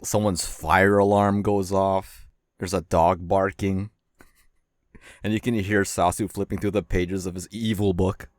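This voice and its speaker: A man's voice: deep voice, level tone, unhurried, no room sound, clean studio sound. A man on a casual voice call, telling a jokey, rambling story through laughter.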